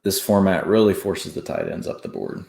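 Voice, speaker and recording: A man co-hosting a casual sports podcast, animated, chuckling often and restarting sentences. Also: low-pitched, normal speed, vocal fry, roomy sound. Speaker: podcast co-host. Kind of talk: casual fantasy football chat.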